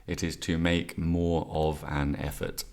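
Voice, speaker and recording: A man's voice: very deep voice, level tone, measured pace, darkish tone, smooth. A man teaching English exam answers in a video lesson, chatty and wry, with joking asides between the answers.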